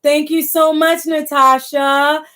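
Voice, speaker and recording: A woman's voice: high-pitched, level tone, slow pace, fairly bright tone. A middle-aged woman hosting a livestream, talking passionately to viewers and reading their comments. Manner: impassioned, reads viewer comments aloud. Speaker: livestream host. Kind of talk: casual livestream talk.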